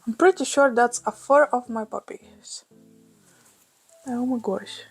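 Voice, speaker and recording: A woman's voice: on the high side, unhurried, breathy edge. Gushing woman with a Russian accent. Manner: gushing, enthusiastic, exclaims often. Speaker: plant vlogger. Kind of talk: casual vlog. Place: small room at home. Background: soft background music.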